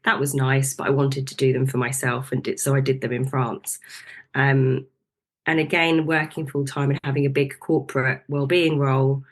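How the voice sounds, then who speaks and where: A woman's voice: a bass voice, little pitch movement, moderate pace. A middle-aged woman, a nutritional therapist, talks through her path as a podcast guest in a reflective, practical way, with many fillers and restarts. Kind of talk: podcast interview.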